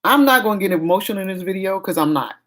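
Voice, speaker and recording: A woman's voice: mid-range voice, lively intonation, racing. A middle-aged woman, venting frankly in a casual vlog chat. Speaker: vlogger.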